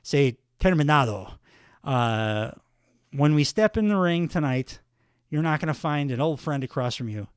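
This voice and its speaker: A man's voice: fairly high pitch, expressive, moderate pace, smooth, no echo, studio quality, close to an everyday voice. A man voicing a proud wrestler issuing an earnest, stern warning. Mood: threatening. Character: impression of proud older male Latino wrestler.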